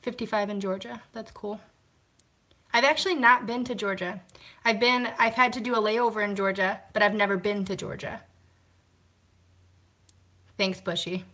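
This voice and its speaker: A woman's voice: mid-range voice, steady tone, moderate pace, pauses often, fairly bright tone. A woman hosting a casual live stream at home, chatting to viewers, greeting them and answering comments while washing glasses by hand.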